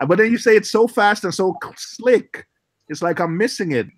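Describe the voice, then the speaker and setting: A man from Jamaica hosting a casual group chat, talking in an animated, baffled way with lots of laughter. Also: high-pitched, moderate pace. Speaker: host.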